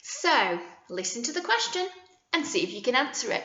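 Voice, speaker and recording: A woman, a nursery teacher leading a playful, animated video lesson for small children. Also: fairly high pitch, a little fast. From England. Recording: echoey, slightly muffled room recording.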